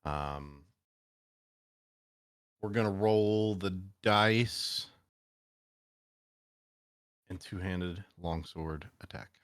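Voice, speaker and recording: A man playing a tabletop game, calm and deliberate as he declares his moves. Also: low-pitched, clean tone, no room sound, studio quality. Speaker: player. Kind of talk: casual tabletop play.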